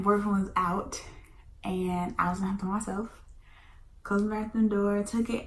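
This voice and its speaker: A woman, telling a storytime in a casual chatty way, sometimes dropping to a whisper. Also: medium pitch. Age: 20s. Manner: chatty, animated, drops into whispers. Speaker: vlogger. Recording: echoey room, faint background hum.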